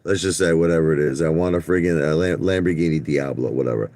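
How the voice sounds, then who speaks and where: Rumbling low and quick, with a darkish tone in a dry recording, this livestream host talks straight to his chat by name. His ranting is blunt and repetitive, full of stumbles and restarts.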